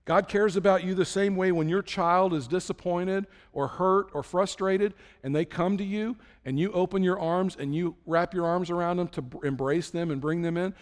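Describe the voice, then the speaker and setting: A man's voice: sits high, in a large hall. A man preaching a sermon in a conversational way, acting out prayers and imagined talks with God. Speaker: pastor.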